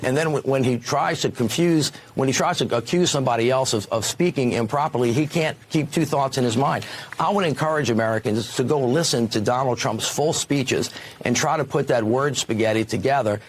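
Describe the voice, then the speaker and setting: A man's voice: medium pitch, fairly quick. A man being interviewed as a campaign co-chair, talking combatively and dismissively. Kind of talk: cable news interview.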